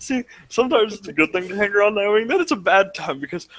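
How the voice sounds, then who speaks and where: A man's voice: sits high, expressive, fast, a bit bright, dry recording. A man chatting casually with a friend, laughing so hard that he gasps for breath. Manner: laughs helplessly, gasping for breath. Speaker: guest, gaming youtuber. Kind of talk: casual chat over voice call.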